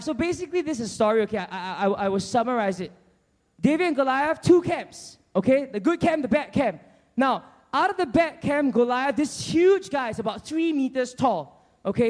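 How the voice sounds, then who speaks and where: A man preaching a sermon, telling a Bible story in an animated way and acting out its characters. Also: very high voice. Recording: long church hall reverb.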